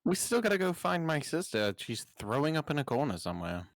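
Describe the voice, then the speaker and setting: Deep lively woman player. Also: a little fast, no echo. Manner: joking, self-mocking. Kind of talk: casual chat at a game table.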